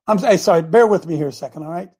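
A man preaching a fiery sermon who shouts his peaks and then drops to soft asides. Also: sits high, rapid-fire, breathy edge. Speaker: preacher addressed as coach.

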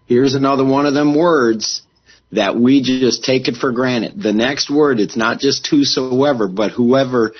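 A man's voice: medium pitch, a little slow, breathy edge, highs cut off. A man co-hosting a Bible discussion, insistently building up his point about scripture. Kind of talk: explaining scripture.

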